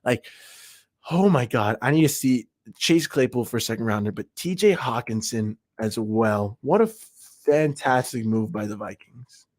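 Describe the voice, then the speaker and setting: A young man hosts a fan livestream and talks football in a hyped, emphatic, rambling way. His voice sits in a middle pitch and is recorded very dry, close to the streaming mic. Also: animated, a little slow, a little mellow, dry recording. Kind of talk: excited sports fan livestream talk.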